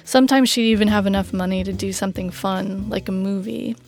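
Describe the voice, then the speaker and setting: A woman reporter reads documentary narration in a measured, even way. Her voice carries a gravelly, creaky texture at a mid pitch. Soft music runs faintly beneath her. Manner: measured, plain storytelling.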